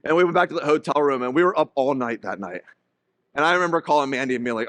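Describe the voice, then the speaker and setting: A middle-aged male pastor preaching a sermon, telling stories with lively acted-out voices. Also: medium pitch, quick pace, no room sound. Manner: animated storytelling with acted-out voices.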